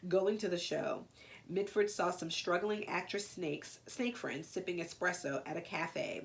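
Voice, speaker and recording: A woman's voice: fairly low pitch, normal speed, vocal fry, slight background noise. Nasal woman reading a picture book. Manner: playful, gushing asides between read lines. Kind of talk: reading a picture book aloud with chatty asides.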